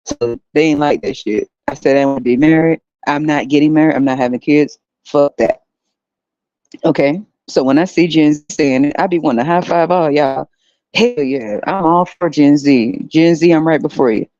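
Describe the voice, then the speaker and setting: A woman's voice: sits low, normal speed, dark tone, no echo. A woman in her thirties hosts her own podcast in casual solo commentary. She talks bluntly and profanely, mocking others with a laugh. The sound is dry and somewhat dull. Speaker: podcast host.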